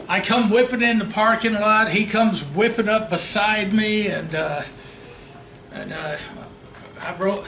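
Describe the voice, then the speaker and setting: In an echoey meeting room with faint ambience, a real estate trainer entertains a seminar audience with jokes and stories. His high-pitched voice sounds pushed and bright, and there's a little hiss or hum as he addresses the room.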